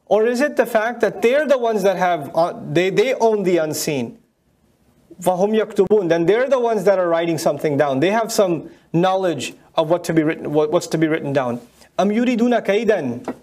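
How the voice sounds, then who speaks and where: A man teaching a Quran commentary lecture, firing mocking rhetorical questions and reciting Arabic verses rapidly. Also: high-pitched, a little mellow. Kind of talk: tafsir lecture.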